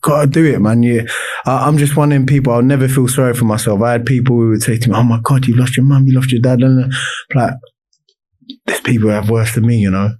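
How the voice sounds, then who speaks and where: A man's voice: mid-range voice, fairly even intonation, fast talker, a little mellow. Man, podcast guest, casual storytelling, rambling, lots of fillers. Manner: rambling, many restarts and fillers.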